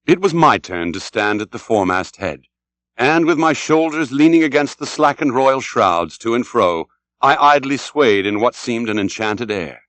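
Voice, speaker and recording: Lively dramatic male audiobook narrator. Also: medium pitch, moderate pace, no echo. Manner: dramatic, shouts out the sailors' cries. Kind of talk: scripted narration.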